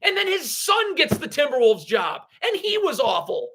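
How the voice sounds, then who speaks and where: A man's voice: extremely high pitch, wildly swooping pitch, moderate pace, fairly bright tone. A man hosting a live basketball draft reaction stream, blunt and sarcastic as he rants. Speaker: basketball livestream host.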